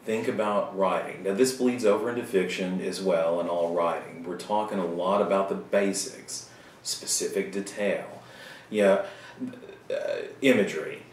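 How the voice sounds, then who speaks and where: Low-voiced man teaching from across a room. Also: steady tone, slight background noise. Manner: casual and joking, with quick asides. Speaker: writing teacher. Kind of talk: recorded video lecture. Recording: roomy sound from a distant mic.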